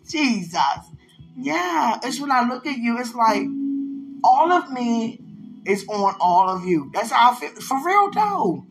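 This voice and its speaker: A fairly high-voiced woman talks to someone she loves in a loose, teasing monologue. Her delivery is animated, moving from soft murmurs to loud excited bursts and frequent laughter. Faint music plays behind her. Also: slow, poor audio. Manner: playful, laughing often, teasing and affectionate. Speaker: vlogger addressing a loved one. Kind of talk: casual heartfelt monologue.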